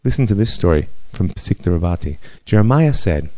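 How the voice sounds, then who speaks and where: A man teaching Jewish history as a rabbi, telling it in a measured, reflective way. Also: deep voice, sing-song, warm tone, no echo. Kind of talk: lecture storytelling.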